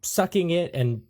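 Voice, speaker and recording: A man narrating as game master, hesitant and full of fillers. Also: high voice. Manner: hesitant, filler-heavy, laughing.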